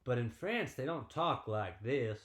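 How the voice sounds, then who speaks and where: Animated man telling a kids' story. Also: medium pitch, a little slow, echoey room. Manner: animated, sing-song. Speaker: PE teacher. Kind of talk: storytelling for young children. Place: home.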